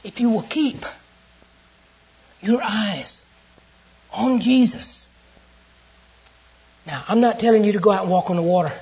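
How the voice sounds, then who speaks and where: A preacher with a Southern US accent tells an earnest sermon story, dropping to a hush and then rising again. The voice is husky and mid-pitched. The recording sounds dull and lo-fi. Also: a little slow, pauses often. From Southern United States. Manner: storytelling and earnest, with sudden hushed and loud turns.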